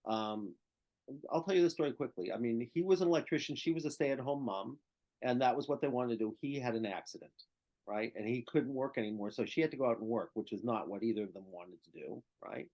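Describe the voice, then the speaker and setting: A man's voice: medium pitch, a little fast, a little mellow. An older male therapist telling a client story in conversation, often checking in with "right?" and "okay?".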